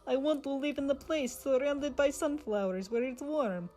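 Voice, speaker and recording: A woman voicing a soft-spoken, menacing male Russian nation figure from a comic, with a quiet, sweetly childlike manner. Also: sits high, moderate pace, lightly acted. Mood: softly creepy.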